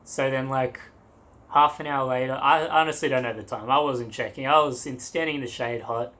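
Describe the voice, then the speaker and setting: A young man tells a travel story to his camera in a casual, rambling style, breaking into laughs and throwing in crude asides. His voice sits at an ordinary middle pitch. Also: steady tone, normal speed, sharp tone. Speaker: travel vlogger.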